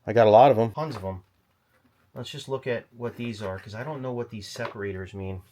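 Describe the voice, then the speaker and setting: A man vlogging from a storage locker, rambling and thinking aloud in an excited stop-start way, a little out of breath. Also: fairly low pitch, a little fast, noisy background. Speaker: storage unit reseller. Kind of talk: excited unboxing vlog.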